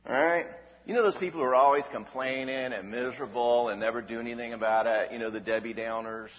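A man with a medium-pitched voice speaks quickly, delivering an emphatic Christian talk on emotional health, posing rhetorical questions and checking in with "all right?" His manner is animated and forceful, and the dull recording carries long hall reverb.

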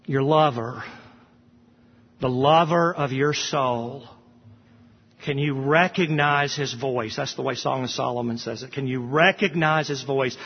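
A man's voice: fairly high pitch, a little slow, long pauses, husky. Impassioned male preacher in an echoing church. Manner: impassioned preaching, rising for quoted scripture. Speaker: pastor. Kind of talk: sermon. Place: church sanctuary. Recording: dull sound with long hall reverb.

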